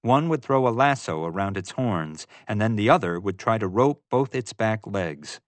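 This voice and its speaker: Lively wry male audiobook narrator. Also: lowish voice, moderate pace, dry recording. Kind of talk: first-person audiobook narration.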